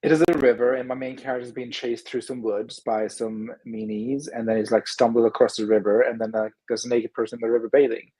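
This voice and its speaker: A man's voice: medium pitch, level tone, fast, few pauses, warm tone, slightly rough, rough recording. A man on a video call chatting casually about his writing, rambling with fillers and blunt jokes. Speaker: co-host, writer. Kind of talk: casual chat.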